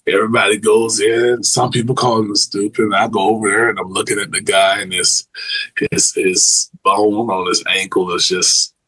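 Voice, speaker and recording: A man's voice: fairly low pitch, normal speed, slightly rough, low-quality recording. A man, a former corrections officer, telling vivid stories in a casual interview and acting out the voices of people he quotes. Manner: animated storyteller, acts out quoted voices, restarts often.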